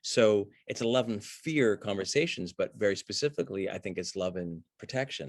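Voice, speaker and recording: A man's voice: fairly low pitch, normal speed, few pauses, dry recording. Man teaching acting over a video call. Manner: animated, conversational, jumps into reading script lines. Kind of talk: breaking down a film scene for an online class.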